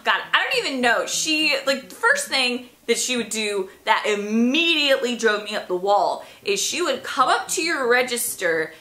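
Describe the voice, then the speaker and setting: A young woman telling retail stories to camera in a sarcastic, animated way, swearing freely. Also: on the high side. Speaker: vlogger. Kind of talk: casual storytelling to camera. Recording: echoey room.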